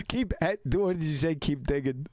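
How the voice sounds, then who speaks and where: A man's voice: a little high, normal speed, darkish tone, no echo. A man hosting a live stream, reacting to a debate clip in a mocking, combative and profane way.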